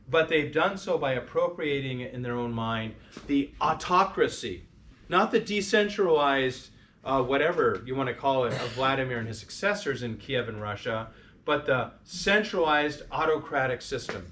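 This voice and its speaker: A man's voice: medium pitch, fairly bright tone. A man giving an informal history lecture to a parish group, talking conversationally with restarts and questions to the listeners. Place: parish hall or church.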